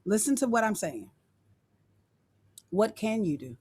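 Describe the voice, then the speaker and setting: A woman's voice: mid-range voice, very animated, unhurried, a little mellow, breathy edge. A woman speaking as a guest on a video call, giving students an affirming motivational talk and repeating her phrases.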